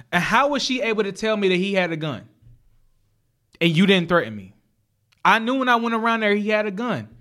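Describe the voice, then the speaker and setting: Man, high voice, young adult, casual storytelling, street slang, laughs a lot, animated. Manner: animated, laughs often, profane street slang, repeats and restarts.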